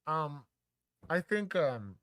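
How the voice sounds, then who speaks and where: A man's voice: fairly high pitch, big pitch swings, slow pace, a crowd in the background. A man co-hosting a livestream, a former police officer giving opinionated commentary and explaining use-of-force law.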